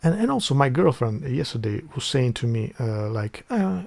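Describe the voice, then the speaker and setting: A man's voice: medium pitch, big pitch swings, normal speed, gravelly, a little mellow. A man from Albania with an Albanian accent, chatting casually and rambling on a livestream with lots of swearing. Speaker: streamer.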